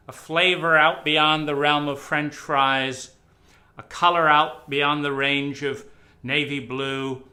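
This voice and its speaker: A man giving a slow, sarcastic talk, with sudden emphatic bursts between deliberate phrases. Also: mid-range voice. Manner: sarcastic, mocking with dramatic swings in loudness. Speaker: speaker on psychedelics. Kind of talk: lecture-style monologue.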